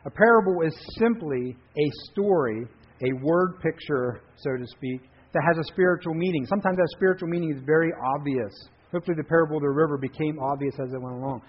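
A man preaching a sermon, telling a parable with earnest, animated storytelling. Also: a little high. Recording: dull lo-fi recording.

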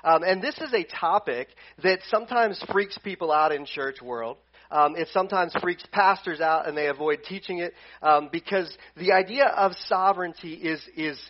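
A male pastor preaching a conversational sermon at a church service, animated and full of restarts. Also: sits high, highs cut off.

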